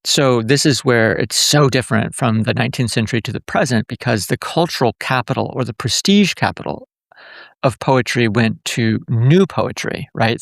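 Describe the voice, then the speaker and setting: A man's voice: medium pitch, gravelly, dry recording, clean studio sound. A man who is a professor, explaining eagerly in a podcast interview with many fillers and restarts. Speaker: guest professor.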